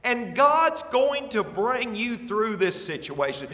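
A man preaching as a pastor, lively and emphatic, with stammered restarts and little chuckles. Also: very high voice, slow, distant mic. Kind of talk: sermon. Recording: echoey hall with long reverb.

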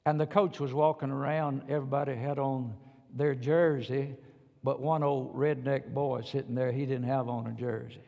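Emphatic preacher in an echoing church. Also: male voice, mid-range voice, level tone, normal speed, creaky, highs cut off. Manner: emphatic, folksy, direct address to congregation. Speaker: pastor. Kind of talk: sermon.

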